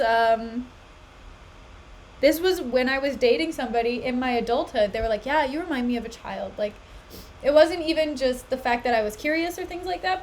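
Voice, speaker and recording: A young woman chats casually on a stream while reading a play aloud. Her voice sits high, and she talks in an animated way with frequent laughs. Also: a little hiss or hum, rough recording. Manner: animated, laughs often, chatty asides. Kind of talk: casual chat.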